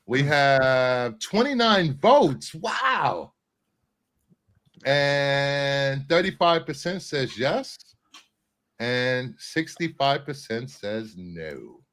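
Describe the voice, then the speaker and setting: A man's voice: mid-range voice, expressive, very slow, a bit bright. Joking man hosting a chatty show. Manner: joking, rambling, with many fillers. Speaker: podcast host. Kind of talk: casual chat.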